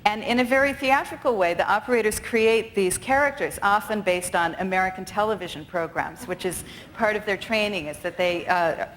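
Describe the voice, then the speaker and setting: A woman's voice: mid-range voice, brisk, fairly bright tone, a little hiss or hum, poor audio. A woman theater director giving a conference talk, speaking articulately with occasional fillers. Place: conference stage.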